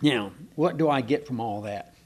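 A man teaching a Bible passage in a relaxed, conversational way, often pausing with fillers and asking his listeners questions. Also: medium pitch. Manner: conversational, asks the room questions, hesitant with many fillers. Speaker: preacher. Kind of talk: informal Bible teaching to a small congregation.

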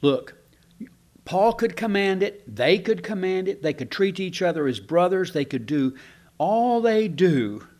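In an animated, high-pitched voice with a darkish tone, a pastor preaches at normal speed. His sermon is chatty and folksy, full of questions to the congregation and sentences he starts over.

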